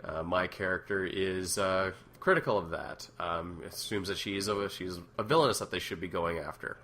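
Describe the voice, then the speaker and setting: A man's voice: deep voice, fairly even intonation, normal speed, sharp tone, a little hiss or hum. A man talking casually about making his web series, rambling with many fillers and restarts. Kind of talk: casual commentary.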